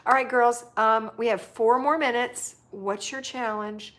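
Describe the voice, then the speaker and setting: A woman's voice: on the high side, fairly even intonation, unhurried, a bit bright. A woman hosting a casual livestream, chatting affectionately and reading viewer comments aloud. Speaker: livestream host.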